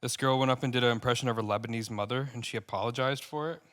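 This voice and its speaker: This young podcast co-host and stand-up comic chats casually, swearing heavily and getting worked up fast as he rambles about stand-up. His voice is medium-pitched and a bit bright, with fairly even intonation.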